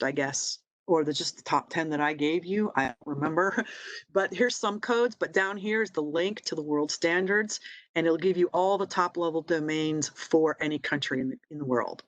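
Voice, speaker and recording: A woman's voice: fairly low pitch, fairly bright tone, no echo. A middle-aged woman presenting a casual online tutorial, explaining step by step in a chatty way with fillers and self-deprecating asides. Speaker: library webinar presenter.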